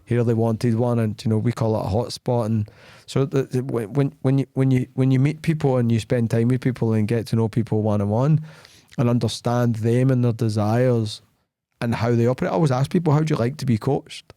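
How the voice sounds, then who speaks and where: Blunt and plain-spoken, this male podcast host talks a little fast at a medium pitch. The studio recording is clean and dry, and he livens up his casual storytelling by performing the quoted dialogue.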